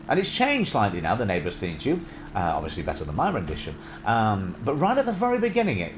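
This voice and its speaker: A man in his thirties hosting a live stream, chatting in a casual, rambling way with many fillers and restarts. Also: medium pitch. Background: music.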